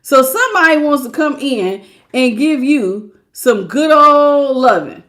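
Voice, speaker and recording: A high-voiced woman reads tarot cards on a live stream. She is animated and slangy, laughs often and acts out the people she quotes. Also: measured pace. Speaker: tarot reader.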